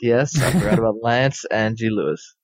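Low-voiced male co-host, halting reads. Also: animated, no echo, low-quality recording. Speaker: podcast co-host. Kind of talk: casual chat, reading listener emails.

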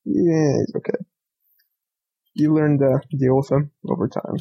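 Male co-host, fairly high, husky mellow voice, teasing banter. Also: flat delivery, measured pace, highs cut off. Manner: teasing, giggly. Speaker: podcast co-host. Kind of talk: casual chat, reading listener emails.

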